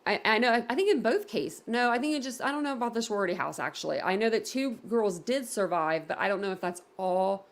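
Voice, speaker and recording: A woman hosts a casual livestream chat, rambling loosely and filling her talk with "like" and "um". Her voice sits in a middle range with a gravelly edge to it. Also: mid-range voice, animated, fast, few pauses. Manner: rambling, many fillers, reads comments aloud. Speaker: livestream host reading chat.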